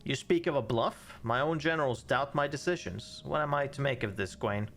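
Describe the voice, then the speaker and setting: A man's voice: mid-range voice, a little fast, fairly bright tone, slight background noise, close to an everyday voice. Man reading as a stubborn young king. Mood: defiant. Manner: reads game dialogue aloud, plain. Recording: faint game music behind.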